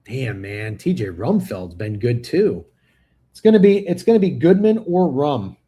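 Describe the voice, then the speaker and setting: A man's voice: mid-range voice, big pitch swings, unhurried, warm tone, breathy edge. A man hosting a sports betting livestream, talking casually and profanely, speaking straight to his chat. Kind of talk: casual live-stream chat.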